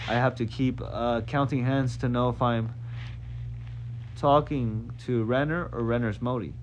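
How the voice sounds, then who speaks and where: A man's voice: mid-range voice, steady tone, a little slow, slight background noise, natural voice, rough recording. A man reading aloud, voicing a friendly, tired young male midshipman.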